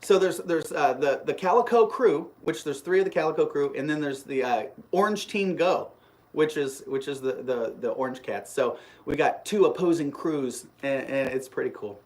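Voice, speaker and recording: A live stream host tells a long personal story in a casual, rambling, animated way, restarting often. They read viewer comments aloud and reply to them. The voice is mid-range at normal speed.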